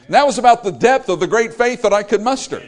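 Male preacher, slightly high voice, sermon delivery that swings between loud and hushed. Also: expressive, fast. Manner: dynamic, swinging from loud exclamations to low quiet lines.

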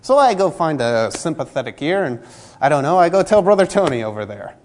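A man's voice: a little high, sing-song, fairly quick. Man preaching a casual, story-driven sermon. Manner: conversational, acts out dialogue in anecdotes.

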